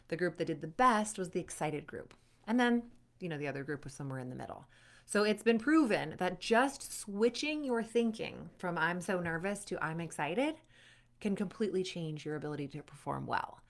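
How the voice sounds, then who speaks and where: A woman performance coach talks athletes through facing their fears. Her delivery is upbeat and conversational, and she speaks straight to the viewer. She brings their inner voices to life by acting them out with lively emotion. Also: fairly low pitch, brisk. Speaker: sport psychology performance coach. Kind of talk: motivational coaching talk to camera.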